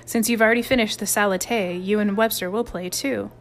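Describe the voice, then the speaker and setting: A woman voicing a young male camp counselor who is bossy and easily flustered, often loud and exasperated. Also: medium pitch, steady tone, fairly quick, a little hiss or hum, lightly acted.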